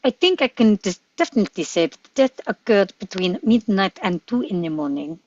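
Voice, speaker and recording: A woman reading the part of a careful middle-aged male doctor at a table read, with a deliberate, clinical delivery. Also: mid-range voice, animated, no room sound, close to an everyday voice. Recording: dull lo-fi sound.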